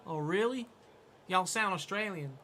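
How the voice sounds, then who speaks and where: A man putting on a slow drawling Southern American guy. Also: lively intonation, pushed and bright, a little hiss or hum, exaggerated voice. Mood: amazed. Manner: slow exaggerated drawl, higher pitch.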